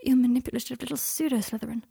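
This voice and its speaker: A woman voicing a proud, anxious young man who is sharp-tongued and defensive, with fierce, high-strung outbursts. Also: steady tone, very fast, creaky, slightly rough, no echo, clean studio sound, exaggerated voice. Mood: guarded.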